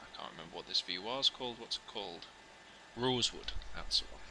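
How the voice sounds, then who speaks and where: A man's voice: on the low side, quick pace, pushed and bright, a little hiss or hum, rough recording. Chatty man streaming flight sim. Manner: chatty, jokey, rambling asides to viewers. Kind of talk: casual live-stream chat with radio calls.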